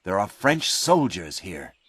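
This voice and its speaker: A man reading aloud and voicing a steady frontier scout who gives calm, low instructions in a dry, close recording. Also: slow pace, breathy edge, no room sound, heavily acted. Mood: guiding. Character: steady frontier scout guiding his friends.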